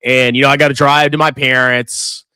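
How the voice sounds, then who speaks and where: A man's voice: medium pitch, level tone, normal speed, sharp tone, clear, resonant tone, dry recording, studio quality. A middle-aged man hosting a finance livestream, chatting casually and sarcastically, mocking viewers and putting on silly voices. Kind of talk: casual livestream chat reading superchats.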